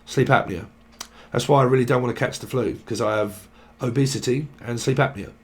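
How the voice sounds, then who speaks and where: A man's voice: mid-range voice, fairly quick, slight background noise. A man giving a rambling, casual tarot reading, swearing and jumping between word associations. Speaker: tarot reader.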